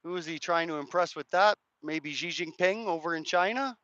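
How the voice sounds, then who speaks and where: A man from Canada with a cracked, hoarse voice, rambling casually to viewers while live-streaming from a street rally. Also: fairly high pitch, normal speed, a bit bright, no echo, highs cut off. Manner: rambling, hedging, chats to viewers' comments.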